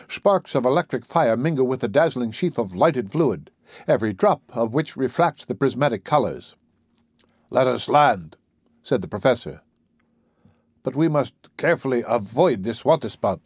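A man narrating a classic adventure novel in the first person, with a husky voice and measured storytelling. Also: mid-range voice, darkish tone, no room sound, studio quality. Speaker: audiobook narrator.

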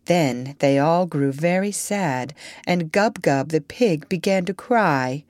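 Expressive woman reading a children's story. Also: deep voice, takes it slowly, dry recording.

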